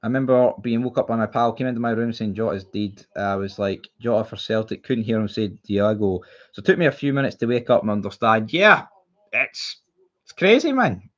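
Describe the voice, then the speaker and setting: A man's voice: lowish voice, a little fast, fairly bright tone, dull audio. Heated Scottish man ranting on stream. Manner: blunt, heated, swears freely, repeats himself. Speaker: football streamer. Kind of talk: casual live-stream chat.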